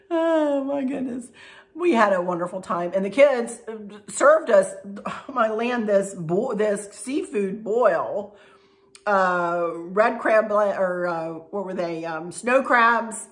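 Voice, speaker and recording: A woman's voice: mid-range voice, fairly bright tone. A middle-aged woman, chatting to her viewers in a folksy way and laughing often. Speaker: craft and decor vlogger. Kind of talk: casual chat to viewers.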